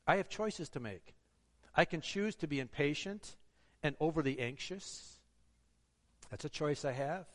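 A man's voice: a little high, expressive, a little slow, long pauses. A man preaching a sermon, earnest and exhorting, asking the congregation rhetorical questions. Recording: long hall reverb.

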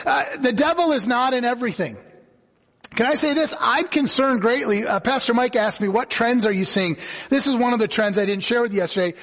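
High-voiced man preaching in echoing hall. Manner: conversational, animated storytelling with acted quotes. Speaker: guest pastor. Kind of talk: sermon. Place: church sanctuary. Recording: church hall reverb.

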